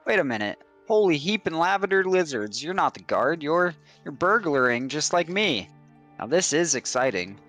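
A man's voice: fairly high pitch, very animated, moderate pace, a bit bright, soft background music. A man doing a timid quirky burglar. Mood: excited. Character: timid chatty male burglar.

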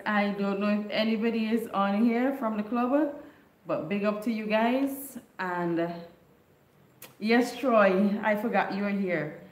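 Woman, livestream host, unhurried chatty delivery, echoey room. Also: mid-range voice, a little mellow. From Caribbean island. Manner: chatty, greets viewers by name, laughs often. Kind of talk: casual livestream chat.

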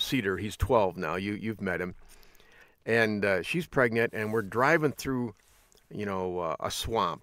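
A man's voice: fairly low pitch, dry recording. Folksy middle-aged man telling stories. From United States. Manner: folksy, animated storyteller acting out quotes. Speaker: podcast host. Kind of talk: casual storytelling monologue.

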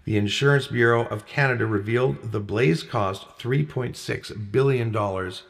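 A man's voice: mid-range voice, normal speed, vocal fry. A man co-hosting a casual talk show, reading out facts and list items and chuckling often. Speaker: co-host.

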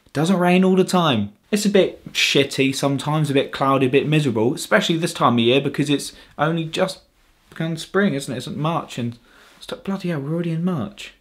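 A young English man doing a casual comedic vlog monologue, cheeky and sarcastic, swearing freely. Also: fairly quick. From Britain. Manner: cheeky, sarcastic and swearing, with animated swings in pitch. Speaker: vlogger.

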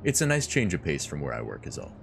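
A man voicing a subdued young female hostess in a soft, flat, quiet tone while reading game dialogue. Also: very deep voice, quick pace, creaky, noisy background, pitched below the performer's own voice, full character voice. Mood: weary.

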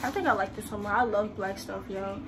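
A teenage girl chatting casually to her viewers in a vlog, her voice hoarse and worn from cheering and a little out of breath. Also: mid-range voice, fairly quick, background noise. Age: late teens. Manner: chatty, talks straight to viewers. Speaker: vlogger.

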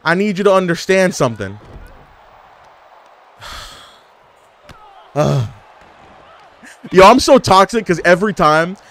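Animated man trash-talking over gameplay. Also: fairly high pitch. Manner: animated trash talk, frequent laughs and exclamations. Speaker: gaming YouTuber. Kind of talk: casual gameplay commentary.

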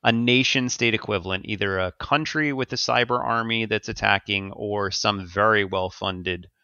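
Bright-voiced man explaining security news. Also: on the low side, moderate pace, clean tone, dry recording, dull audio. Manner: explanatory, laughs easily, many fillers. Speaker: podcast co-host. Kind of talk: casual security podcast chat.

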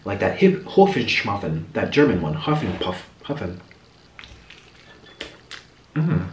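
Mukbang vlogger, male, animated storyteller, roomy sound, sits back from the mic. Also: fairly low pitch, slow pace, distant mic, a little hiss or hum. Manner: chatty, animated, dramatic asides. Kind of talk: casual storytelling while eating.

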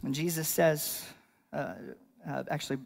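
A man's voice: fairly high pitch, steady tone, unhurried, creaky. A male pastor delivering a sermon in a conversational style, building to bursts of emphasis.

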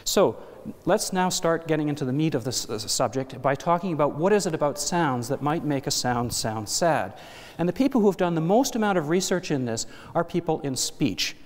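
A man's voice: a little high, animated, normal speed. A man giving an academic lecture to an audience, explaining step by step with asides and self-corrections. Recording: hall reverb.

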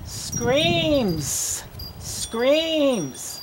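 A woman's voice: on the high side, lively intonation, measured pace, noisy background. A woman reading teacher giving a patient one-on-one reading lesson, sounding out words and coaxing a child along.

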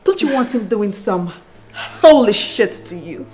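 A sarcastic, jealous wife, played by a Nigerian woman with a lively voice that swoops up and down. She draws her words out slowly and mockingly. Quiet music runs under her in this film scene. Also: medium pitch, natural voice. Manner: sarcastic, taunting, theatrical. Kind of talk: Nollywood film acting.

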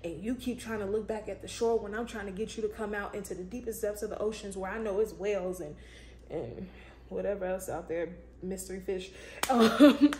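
A woman with a fairly high voice shares a casual faith reflection, talking informally and emphatically and often breaking into bursts of praise. The room around her echoes, and a faint ambient hum sits underneath. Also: a little mellow. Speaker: vlogger, show host.

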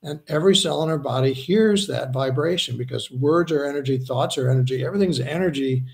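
Male healer guest, gravelly mid-pitched voice, earnest and unhurried. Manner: earnest, slows down to stress points, acts out quoted voices. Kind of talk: conversational interview answers.

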